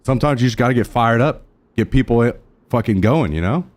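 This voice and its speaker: A man's voice: expressive, a little fast. A man streaming live, trash-talking his chat in a brash, profane way. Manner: thanks subscribers in a lowered, softer voice.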